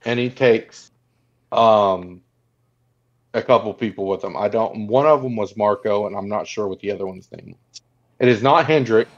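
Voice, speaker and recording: Podcast co-host, male, casual retelling of film scenes, dull recording. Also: fairly low pitch. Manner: retells scenes acting out lines in quick voices. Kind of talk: casual movie recap chat. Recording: dull lo-fi sound.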